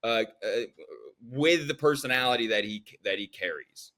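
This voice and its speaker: A man's voice: medium pitch, normal speed, sharp tone. A man hosting a podcast chat, ranting heatedly about a film's casting. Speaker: podcast host. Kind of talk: casual chat.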